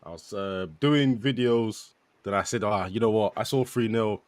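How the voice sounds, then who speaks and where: A man, a podcast co-host telling stories in a casual, animated way. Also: lowish voice, normal speed, no echo. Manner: animated storytelling with lots of laughing. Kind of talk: casual chat.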